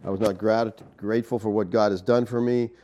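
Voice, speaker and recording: A man's voice: fairly low pitch, fairly even intonation, fairly quick, warm tone, slight background noise. A man teaching a Bible study as a sermon, in a conversational way, often checking in with "okay?" and "you know".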